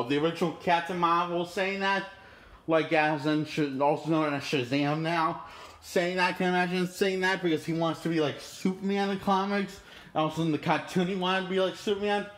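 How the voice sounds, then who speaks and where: A man's voice: a little high, steady tone, normal speed, a bit bright. A man reviewing a movie in an indignant, profane, rambling rant. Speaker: movie critic.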